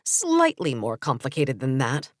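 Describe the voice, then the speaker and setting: A woman's voice: extremely low pitch, huge pitch swings, unhurried, no room sound, voice pushed down, full character voice. A woman narrator voicing a sarcastic, bossy female mentor in a storybook reading, in a dry, cutting tone.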